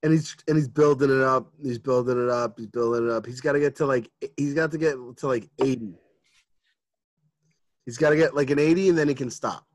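A man's voice: mid-range voice, a little fast, dry recording. A man co-hosting a casual chat, telling a story in a laid-back way and swearing freely.

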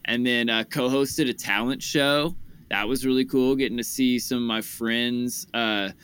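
A young man hosting a podcast, chatting casually about his festival week, with lots of "like" and lively joke-telling. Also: medium pitch, unhurried, clean tone. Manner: animated joke-telling, says "like" often. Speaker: podcast host. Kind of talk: casual storytelling chat.

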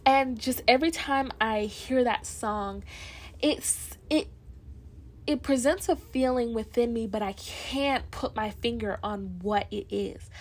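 A woman's voice: on the high side, slow pace. A young woman hosting a solo podcast, talking in a rambling, reflective way with lots of fillers. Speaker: podcast host. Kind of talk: casual solo podcast chat.

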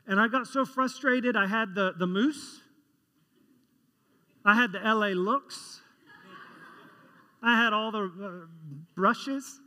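Pastor guy preaching to the congregation, bright forceful voice, chatty storyteller. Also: high voice, takes it slowly, pauses often. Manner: conversational storytelling, asks the congregation questions. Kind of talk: sermon. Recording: long reverb of a large hall.

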